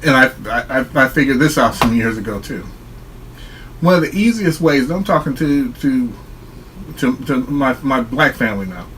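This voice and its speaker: A man's voice: medium pitch, expressive, normal speed, a bit bright, a little hiss or hum, rough recording. A man talking straight to his viewers in a solo vlog, explaining his view in an earnest, reflective way. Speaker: online commentator.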